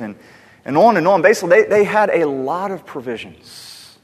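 A man preaching a sermon as pastor, conversational and animated, asking rhetorical questions of the congregation. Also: high voice, normal speed, husky, in a large hall.

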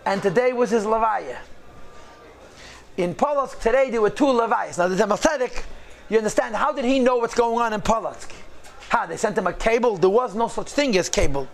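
Male storyteller, high gravelly voice, animated delivery mixing in Yiddish phrases. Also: a little fast. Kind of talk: storytelling talk.

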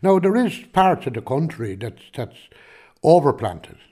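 A man's voice: on the high side, very animated, a little slow, a little mellow, husky. A man with a Kilkenny Irish accent, a farmer answering interview questions in a rambling, chatty way, full of restarts and "do you know what I mean". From Ireland.

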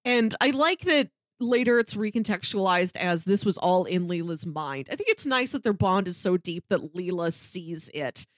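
A woman's voice: moderate pace, hardly any pauses, no echo. A woman co-hosting a podcast, chatting casually and animatedly, laughing often. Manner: animated, laughs often, wide pitch swings. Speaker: podcast co-host. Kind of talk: casual discussion.

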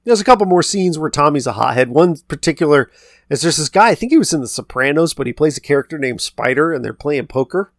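A man with a somewhat high voice walks through a film's story in a loose, rambling chat, slipping into quick quoted lines. The sound is dry and close to the mic. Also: lively intonation, no echo. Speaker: podcast co-host. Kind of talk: casual movie recap chat.

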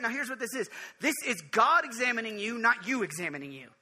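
A man with a high, very bright and forceful voice gives an informal sermon on prayer. He speaks earnestly to his listeners, slips in jokes and repeats words as he restarts his thoughts. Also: very animated. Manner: earnest and jokey, quick restarts, direct address to listeners. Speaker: preacher.

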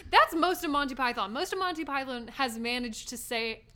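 A woman's voice: high voice, animated, a little fast, sharp tone. A woman co-hosting a podcast in casual movie-review chat, giggly and rambling. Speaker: podcast co-host.

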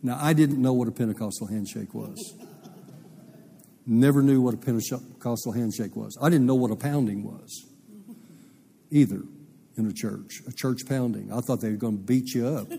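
A man's voice: medium pitch, moderate pace, vocal fry, dark tone, husky. A man pastor telling a personal story in a sermon, rambling and folksy with many fillers. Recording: long reverb of a church hall.

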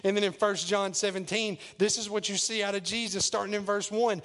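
A male pastor preaching a sermon, retelling scripture in plain words and dropping to a low, quiet voice for emphasis. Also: little pitch movement, brisk. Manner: paraphrases scripture in plain modern speech.

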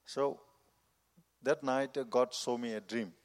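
A man, a missionary preacher, giving his personal testimony in earnest, halting, non-native phrasing. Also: medium pitch, steady tone. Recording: long reverb of a large hall.

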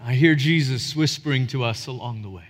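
A man's voice: medium pitch, brisk. A man in his forties preaching a sermon as a pastor, earnest and building to emphatic peaks. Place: church sanctuary. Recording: reverberant hall.

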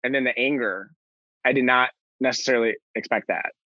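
A man's voice: medium pitch, fairly quick, no echo. An earnest young man tells his own story in an interview, circling back and restarting as he goes. His voice sits mid-range and the sound is dry and a little dull, with no room around it. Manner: earnest, rambling with many fillers and restarts. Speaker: interview guest.

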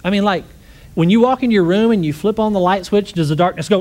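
Speaking fast in a high voice, this preacher delivers a sermon in a conversational style. He tells stories energetically and keeps asking the congregation rhetorical questions.

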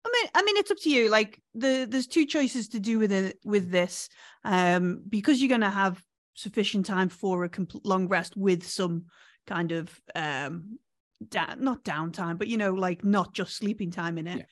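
A woman's voice: medium pitch, measured pace, no echo, studio quality. A woman running a tabletop game as game master, talking in a hesitant way and checking in often with her players.

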